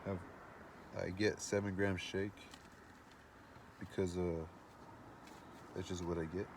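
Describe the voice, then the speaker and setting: A man's voice: low-pitched, little pitch movement, slow pace, a little mellow, slight background noise. A man telling a long personal story in casual speech, rambling and profane, with many fillers and restarts.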